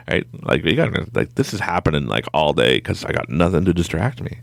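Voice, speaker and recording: A man with a deep, gravelly voice tells a story in a loose, chatty way. His pitch leaps all over as he acts out his own thoughts and breaks into laughter, recorded close and dry. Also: sing-song, fast talker, dry recording. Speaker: podcast guest. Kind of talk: casual storytelling.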